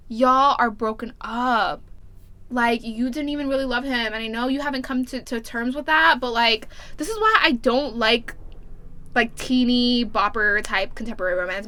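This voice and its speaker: Bright, animated woman recapping a book. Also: fairly high pitch, dry recording. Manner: animated, profane and exasperated. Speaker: book reviewer. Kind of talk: casual plot recap.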